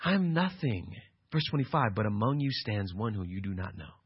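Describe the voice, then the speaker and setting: A male pastor preaching an emphatic sermon, swinging from quiet passages to loud, insistent ones. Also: fairly low pitch, expressive, a little fast, husky, no room sound, lo-fi sound.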